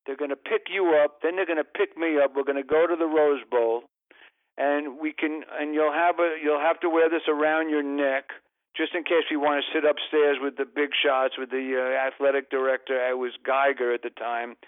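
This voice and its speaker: A man's voice: fairly high pitch, fairly even intonation, normal speed, no room sound, phone-quality sound. A man telling long comic anecdotes as a podcast guest, rambling and interrupting himself. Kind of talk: casual storytelling.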